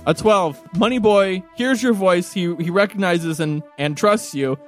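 A man runs a tabletop game with playful, animated narration. His voice sits high, and he laughs often. Faint music plays beneath him. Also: unhurried. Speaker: game master.

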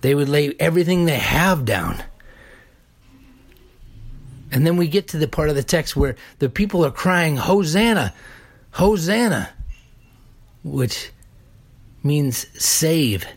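A man preaching a sermon deliberately, building emphasis through repeated phrases. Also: on the high side, expressive. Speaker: pastor.

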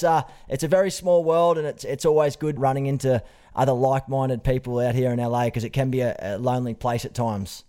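An Australian man hosting a podcast in a friendly, matey way. His voice sits at a middle pitch, and he talks the way one talks to a mate in a casual interview. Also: darkish tone. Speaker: podcast host.

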